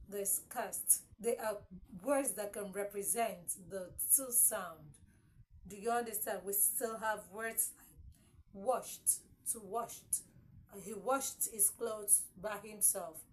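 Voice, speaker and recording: A woman teaching English consonant sounds, repeating each word several times and checking in with "okay?". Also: mid-range voice. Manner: repeats words slowly, asks "okay?" often. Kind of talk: classroom-style lesson. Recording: faint background noise.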